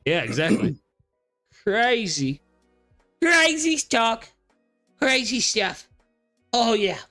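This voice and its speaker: A man hosting a manga discussion show, excitable and quick to laugh and exclaim. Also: high-pitched, faint music behind. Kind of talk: casual chat and manga reading.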